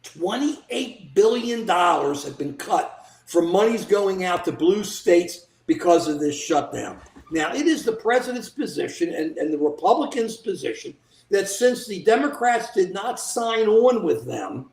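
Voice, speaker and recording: A co-host of a political livestream, talking in a casual, indignant and animated way, often mimicking politicians in quoted asides. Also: medium pitch, unhurried. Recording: echoey room.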